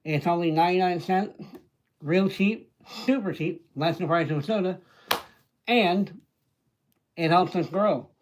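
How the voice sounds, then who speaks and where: A man hosting a casual livestream, chatting and greeting viewers by name, with hesitant fillers and frequent throat-clearing. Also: sits high, a little slow, pauses often, a little hiss or hum, rough recording. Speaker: livestream host.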